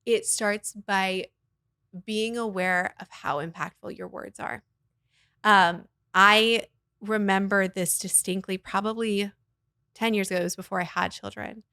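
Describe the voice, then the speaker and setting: A woman talks in a relaxed interview as a voice teacher and guest. Her delivery is animated and expressive, with easy laughter, and her voice sits at an ordinary middle pitch. The sound is dry and close. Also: measured pace, dry recording. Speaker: guest, voice teacher and arts nonprofit founder. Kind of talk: casual interview conversation.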